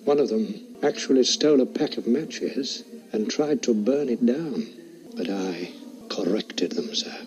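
An actor playing an eerily polite ghostly butler, speaking formally with quiet menace, heard in a film clip with music behind. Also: male voice, mid-range voice, a little slow, a little hiss or hum, close to an everyday voice. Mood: menacing, courteous.

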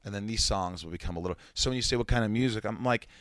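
A man in his forties, a comedian and musician, chatting casually as a guest and telling rambling, animated stories with some profanity. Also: on the low side, rapid-fire. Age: 40s. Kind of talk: casual interview chat.

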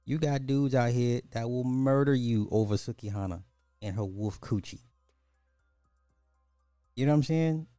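A man's voice: medium pitch, a little slow, long pauses, mellow, no echo, studio quality, soft background music. A man hosting a commentary podcast, reacting to clips in an exasperated way and repeating phrases for emphasis.

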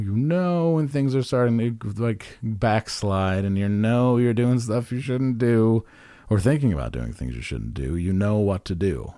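A man's voice: fairly low pitch, mellow, dry recording, studio quality. A man co-hosting a casual podcast chat, rambling and self-deprecating, restarting his sentences often. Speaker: podcast co-host.

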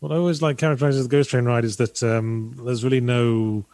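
A sardonic man chats casually as a podcast co-host. His voice sits at an ordinary pitch and is recorded close on the mic, with no room sound around it. He talks with a deadpan, wry manner. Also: quick pace, no echo. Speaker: podcast co-host reading viewer donations. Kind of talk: casual chat.

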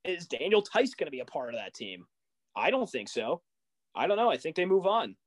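A young man co-hosting a casual sports podcast, talking in animated, exasperated rants full of rising questions. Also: on the high side, fairly quick. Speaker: podcast co-host.

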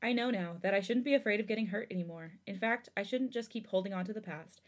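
A woman's voice: medium pitch, fast talker, natural voice. A woman reading aloud as a young man who apologizes and explains himself, pleading and regretful. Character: remorseful young man explaining his past hurt.

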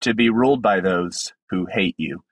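A man, a podcast guest, giving fervent preaching-style commentary with emphatic swings in pitch. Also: normal speed, dry recording, rough recording.

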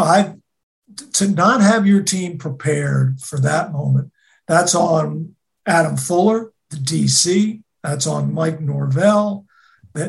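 Gravelly sports host, slow careful talk, trips on first words a lot. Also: medium pitch. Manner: deliberate, repeats words when starting. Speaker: co-host, college football analyst.

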